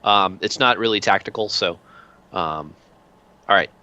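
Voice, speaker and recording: A man runs a tabletop game as its game master, taking his time and filling pauses with easy filler sounds. His voice sits a little low but has a bright, forward edge to it, and he talks at an unhurried pace. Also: muffled recording. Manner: relaxed, many filler sounds.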